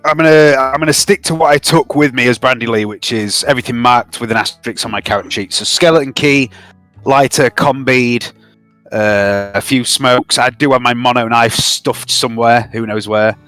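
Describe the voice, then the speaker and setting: A man's voice: medium pitch, normal speed, fairly bright tone, no room sound, soft background music. Chatty man explaining his role. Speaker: player. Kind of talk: casual chat.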